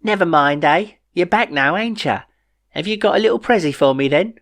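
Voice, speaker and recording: A woman's voice: fairly low pitch, animated, moderate pace, pitched above the performer's own voice. A man voicing a brash, greedy, scheming alien queen who uses coarse, chummy slang in a storybook reading.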